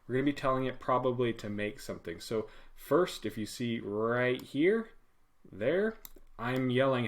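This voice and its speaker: A man teaching web coding as an instructor in a casual screen-share lesson, animated and acting out commands in a loud put-on voice. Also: mid-range voice, normal speed.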